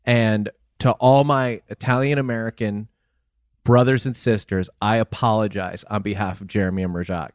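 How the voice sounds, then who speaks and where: A man hosting a comedy podcast, delivering bits in a deadpan, mock-serious tone. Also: fairly low pitch, moderate pace, no echo, studio quality. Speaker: podcast host.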